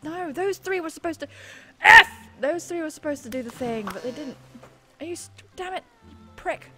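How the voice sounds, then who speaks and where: A woman streaming a game, reading its text aloud and reacting with excitable, sweary outbursts. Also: high-pitched, moderate pace, music in the background. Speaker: gaming streamer. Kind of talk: let's play commentary reading game text.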